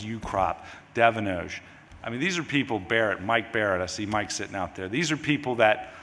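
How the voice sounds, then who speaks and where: A man's voice: lowish voice, a bit bright. Grieving middle-aged man in a reverberant hall. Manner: rambling, halting with repeated restarts. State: grieving, voice near tears. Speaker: grieving father giving a eulogy. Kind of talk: memorial eulogy. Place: large memorial service hall. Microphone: microphone at a podium. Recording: hall reverb, faint background noise.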